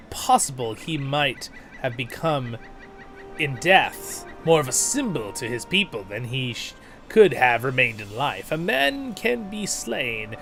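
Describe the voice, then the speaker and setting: A man plays a grave, wary companion in a fantasy game who ponders each point slowly. The voice sits near the man's own middle pitch and carries a stuffy nose. Faint music plays underneath. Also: a bit bright, exaggerated voice. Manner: slow and pondering.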